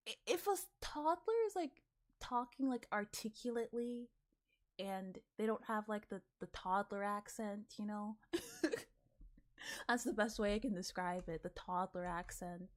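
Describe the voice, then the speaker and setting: A woman's voice: mid-range voice, animated, measured pace. A woman in her twenties chatting casually as a streamer, rambling with lots of "like", swearing and laughing often. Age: 20s. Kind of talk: casual reaction chat.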